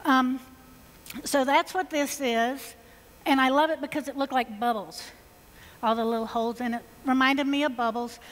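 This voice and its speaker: A woman's voice: high voice, steady tone, normal speed. A woman with a Georgia Southern accent demonstrating floral designs on stage, chatty and enthusiastic in a folksy way. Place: stage at a symposium in a large hall. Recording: long reverb of a large hall.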